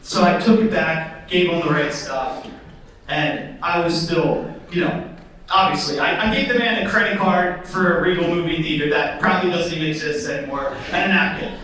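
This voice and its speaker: A young man doing stand-up comedy in a theatre, telling stories in an animated way and acting out voices. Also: moderate pace, heavy reverb, distant mic, rough recording. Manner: animated, acts out voices with sudden high squeals. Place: theatre stage before a live audience.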